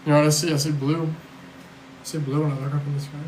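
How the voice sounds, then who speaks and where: A man's voice: fairly high pitch, little pitch movement, fairly quick, darkish tone, echoey room, slight background noise, rough recording. A man hosting a casual livestream, answering chat questions in a rambling, blunt, profane way with sarcastic asides and a weary edge. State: tired. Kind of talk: casual live-stream chat.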